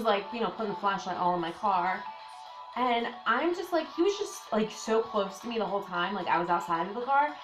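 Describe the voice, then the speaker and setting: A woman's voice: medium pitch, fairly bright tone. Young woman, casual storytime vlogger, breathless filler-heavy delivery, echoey room, faint music bed. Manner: breathless, frequent "like" fillers, emphatic disbelief. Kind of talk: storytime vlog, casual retelling.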